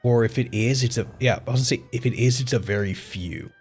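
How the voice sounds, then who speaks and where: A man chatting casually on his live stream, excitable and loose, dropping swear words and chuckling as he goes. His voice sits at an average pitch, with faint game music behind him. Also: fast talker, slightly rough.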